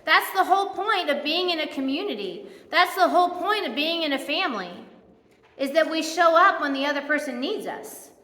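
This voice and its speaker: Bright-voiced woman preaching in an echoey hall. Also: high-pitched, expressive, normal speed. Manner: conversational, folksy preaching with acted-out quotes. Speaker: pastor. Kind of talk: sermon. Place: church.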